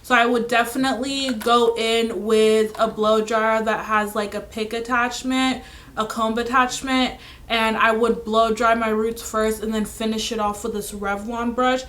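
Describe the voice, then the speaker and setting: A young woman reviewing her favorite beauty products in a casual chat, her voice raspy and hoarse from illness, with lots of filler words. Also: fairly high pitch, little pitch movement, measured pace, fairly bright tone. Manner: chatty, full of "like" fillers. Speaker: beauty vlogger.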